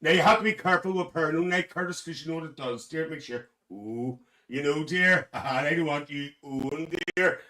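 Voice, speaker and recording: A man's voice: on the high side, brisk, hardly any pauses, pushed and bright, distant mic. A man playing a cheeky, gossipy older auntie, hosting a live stream and calling everyone dear. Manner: gossipy, calls everyone dear, laughs often. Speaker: livestream host. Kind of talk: live stream chat in character.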